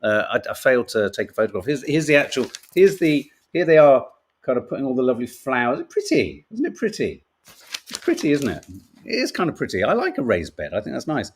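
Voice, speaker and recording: A man's voice: mid-range voice, huge pitch swings, fairly quick, slight background noise. A middle-aged British man hosting a podcast, chatting wryly through newspaper stories with casual swearing and laughter. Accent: British English. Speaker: podcast host reading the papers. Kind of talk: casual chat.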